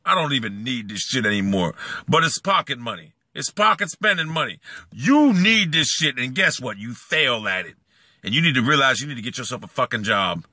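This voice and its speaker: A man ranting angrily in a video blog, swearing and repeating himself as he moves from brooding talk to shouting. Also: medium pitch, very animated, a little fast, dry recording, clean studio sound. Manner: profane, repetitive, swings between brooding and shouting. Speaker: YouTuber. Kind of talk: angry rant vlog.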